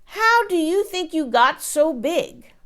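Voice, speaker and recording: A woman's voice: big pitch swings, slow, a bit bright, full character voice. A woman reading a children's picture book aloud, voicing a bossy giant woman who scolds and lectures. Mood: scolding. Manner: scolding, high and emphatic.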